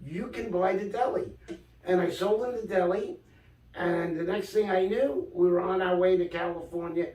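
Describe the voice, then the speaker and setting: A man's voice: high voice, moderate pace. An older man from Brooklyn, animatedly telling stories from his life as a guest in an interview. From Brooklyn, New York. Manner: animated storyteller, acts out quoted dialogue. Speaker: guest author. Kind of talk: casual storytelling interview. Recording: echoey room, distant mic.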